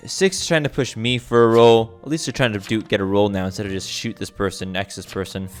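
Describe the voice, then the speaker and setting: A man talks through his game as he plays it, his pitch swinging up and down a great deal. He restarts sentences and fills pauses with ums as he reasons aloud. Faint music plays underneath him. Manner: lively, thinks aloud with many restarts and fillers. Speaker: gameplay commentator. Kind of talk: casual gameplay commentary.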